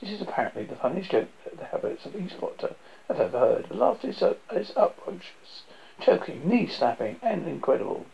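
A man's voice: on the high side, sing-song, brisk, gravelly, dark tone. A man narrating as he reads a film script aloud, stumbling and correcting himself as he goes. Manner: stumbling, self-correcting reading. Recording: dull lo-fi recording.

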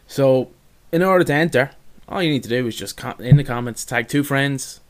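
A man hosting a casual sports podcast, introducing segments with frequent pauses and "um"s. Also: mid-range voice. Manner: runs the show, with frequent "um"s. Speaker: podcast host.

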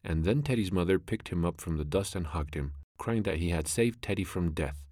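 Deep-voiced man narrating a story. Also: no room sound, clean studio sound. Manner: measured, expressive.

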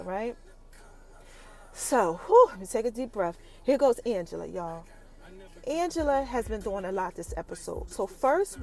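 A woman hosting a podcast, recapping an episode in an animated casual chat that talks straight to her listeners. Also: a little high. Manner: animated, addresses listeners directly as y'all. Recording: light background music.

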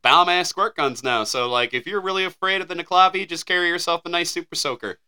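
A man's voice: high voice, quick pace, sharp tone, smooth. A man co-hosting a casual podcast, laid back and tossing in joking asides. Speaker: podcast co-host.

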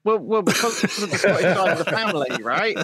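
A man's voice: high voice, expressive, fairly quick, pushed and bright, slightly rough, dry recording. A man from southern England in a casual chat, ranting cynically and swearing, often restarting his sentences. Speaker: podcast co-host.

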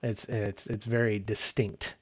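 A man's voice: lowish voice, level tone, a little slow, no echo, studio quality. A man co-hosting a podcast, recapping a TV episode in a chatty, casual way, laughing often and acting out quotes. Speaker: podcast co-host.

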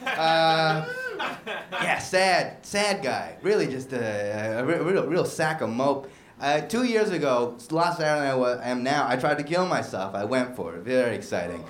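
Young man, stand-up comedian, dark deadpan, lively pitch, echoey bar room. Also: a little slow, crowd noise. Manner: dark deadpan humor with bursts of loud mock shouting. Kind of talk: stand-up set.

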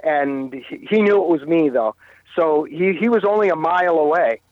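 A man from Canada, a guest in an interview, telling a personal story in a halting way, often repeating and restarting phrases. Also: on the high side, no room sound, narrow, tinny audio.

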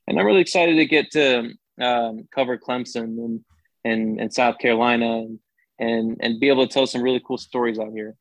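A man's voice: medium pitch, fairly even intonation, a little fast, no echo, low-quality recording. A young man, a sports anchor, chatting casually as a podcast guest and often restarting his sentences with upbeat energy.

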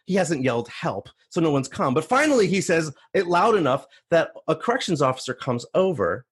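A man telling a first-person story on stage, animated and acting out the voices of others. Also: a little high, fairly quick, few pauses, breathy edge. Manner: animated, acts out voices in quotes.

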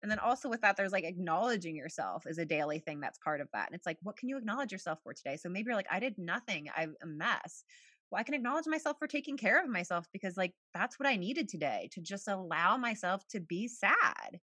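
A woman's voice: medium pitch, expressive, fast, few pauses, sharp tone, no room sound, studio quality. A young woman, a podcast guest, talking casually about feelings with lots of filler words and easy laughs. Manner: chatty, many "like" fillers, laughs often. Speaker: podcast guest, journal creator.

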